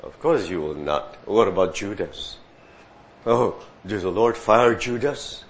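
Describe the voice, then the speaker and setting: A man preaching a sermon, often asking the listeners "right?" and rising to loud, emphatic peaks. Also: lowish voice, lively intonation, a little slow, a little hiss or hum.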